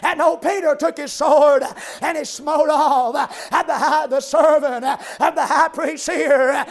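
A man preaching an old-time revival sermon, chanting his lines with "uh" breaks, shouting amens and hallelujahs. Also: very high voice, fairly even intonation, a little slow.

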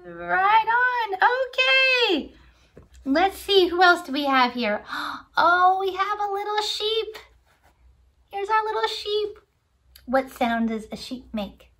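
High, slow sing-song woman teaching kids. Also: animated, a bit bright. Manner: sing-song, coaxing, talks straight to young children; makes animal sounds and gasps of surprise. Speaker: children's Sunday school teacher. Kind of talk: children's lesson with sing-along.

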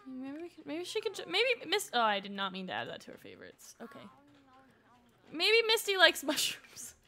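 A young woman with a high voice chats her way through a game on a live stream at a normal pace. She's excitable and gushing, and she often talks to the game's characters.

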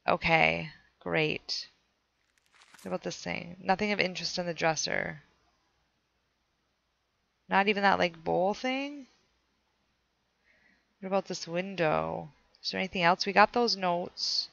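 A woman's voice: fairly low pitch, a little slow, gravelly, pauses often, fairly bright tone, lo-fi sound. A woman streamer playing a horror game, chatting with her viewers and reading the notes she finds aloud. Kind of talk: casual let's play commentary.

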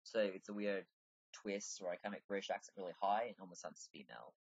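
A man with a deep voice giving casual, rambling commentary while playing a video game and chatting to the characters. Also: fast, husky, no room sound, muffled recording.

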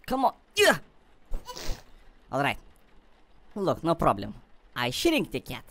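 Excitable woman narrating gameplay, wildly swooping. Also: low voice, takes it slowly. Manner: excitable, talks to viewers, simple non-native phrasing. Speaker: gaming video host. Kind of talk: gameplay commentary.

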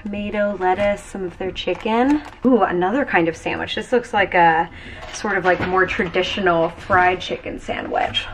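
A woman's voice: on the low side, moderate pace, faint music behind. A young woman talking casually to her vlog viewers from her home office. She is chatty, fills her talk with "like" and "um", and says she is tired. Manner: chatty, lots of "like" and "um". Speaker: vlogger.

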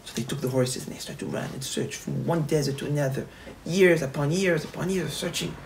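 A man, a rabbi, telling a parable in a sermon, animated, repeating phrases and restarting often. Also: on the high side, fairly quick, vocal fry, a little hiss or hum, poor audio. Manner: animated, repetitive, frequent restarts. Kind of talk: storytelling sermon.

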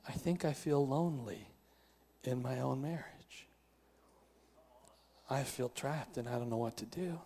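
A man voicing a lonely, hurting wife in a sermon, speaking in a hushed, confiding way. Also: on the high side, vocal fry, in a large hall.

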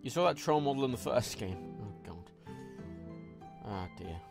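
Male livestreamer, lively swooping voice, rambling and sweary, light music underneath. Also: medium pitch, moderate pace, creaky. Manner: rambling, frank and sweary, reading chat aloud. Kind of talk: live gameplay commentary.

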